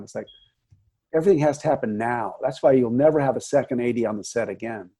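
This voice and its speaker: A middle-aged man who works as a first assistant director, telling set stories as a podcast guest in lively, chatty conversation with frequent restarts. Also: medium pitch, quick pace, husky. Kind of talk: casual conversation.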